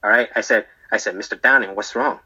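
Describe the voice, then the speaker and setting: A man's voice: on the low side, steady tone, fast, bright, forceful tone, slightly rough, heavily acted, low-quality recording. A man playing a rambling, defensive barber in prison who tells his story in a comedy monologue and keeps tagging his lines with "okay?" and "right?". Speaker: storyteller being interviewed.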